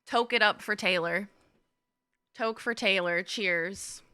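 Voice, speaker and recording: A woman's voice: mid-range voice, slow, bright, forceful tone, smooth, no room sound, clean studio sound. A young woman streaming a game, chatting casually with viewers, greeting them by name and laughing often. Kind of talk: casual live-stream chat.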